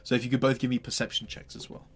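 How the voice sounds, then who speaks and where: A man narrating a tabletop game as game master, rambling and relaxed. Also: mid-range voice, rapid-fire. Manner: rambling, full of fillers and restarts, relaxed.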